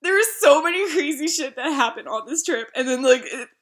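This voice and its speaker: Young female streamer, high-pitched, animated cursing raconteur. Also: fairly quick. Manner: animated storytelling, swears freely, laughs often. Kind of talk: casual chat.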